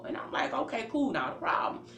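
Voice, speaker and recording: A woman's voice: fairly high pitch, big pitch swings, brisk, creaky, sharp tone. A woman casually telling a personal story. She acts out her own reactions and leans on fillers as she goes. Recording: roomy with faint ambient noise.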